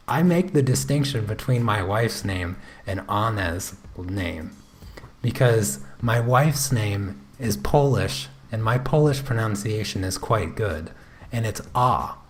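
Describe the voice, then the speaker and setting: An American man hosting an art livestream, chatting casually with viewers while drawing, halting and full of fillers as he answers comments. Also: on the low side, animated. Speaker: art channel host.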